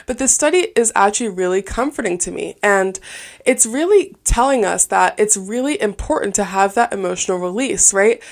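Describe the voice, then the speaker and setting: Woman, twenties, podcast host, gravelly, casual storytelling, candid. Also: medium pitch, lively intonation, normal speed. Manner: chatty, candid storytelling with many fillers. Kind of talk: casual solo podcast talk.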